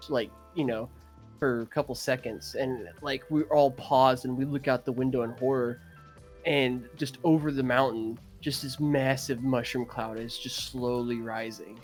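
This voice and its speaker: A young man on a podcast, casually retelling a dream in a rambling, animated way, full of fillers and throat-clearing. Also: medium pitch. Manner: animated, gets excited retelling. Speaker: podcast co-host. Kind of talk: casual storytelling.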